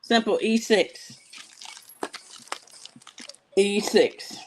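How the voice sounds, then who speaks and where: On a live jewelry sales show, a woman speaks extremely slowly in a medium, slightly mellow voice, chatting casually and telling sassy stories to her viewers between items. The rough recording has a little hiss or hum.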